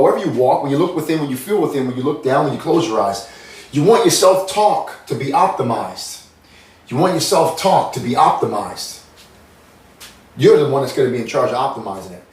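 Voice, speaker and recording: A man of middle pitch, from the United States, talking in a meandering, earnest spiritual monologue. He repeats himself and circles back. The sound is roomy and picked up from some distance. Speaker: spiritual channel host.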